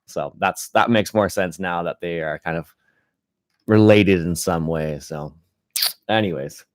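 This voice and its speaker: A man hosting a casual live-stream chat, rambling and relaxed, with frequent restarts and fillers. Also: sits low, unhurried, no room sound, studio quality. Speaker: gaming channel host.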